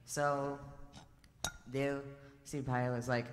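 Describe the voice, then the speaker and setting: A man's voice: medium pitch, flat delivery, slow. A man telling a spiritual story to a temple assembly in a casual way, full of fillers and restarts. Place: large temple assembly hall. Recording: long reverb hall.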